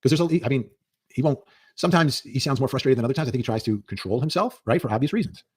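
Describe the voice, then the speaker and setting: Fast-talking husky man, emphatic commentator. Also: mid-range voice, expressive, no room sound, studio quality. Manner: earnest, emphatic, repeats points for stress. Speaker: legal commentator. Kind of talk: clip of commentary played in a stream.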